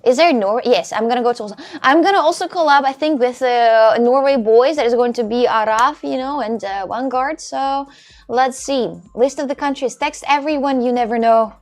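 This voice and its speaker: A woman's voice: normal speed, faint music behind. A woman livestreaming in casual chat, rambling as she reads her chat aloud and thanks her viewers. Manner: animated when retelling a story, with high exclamations.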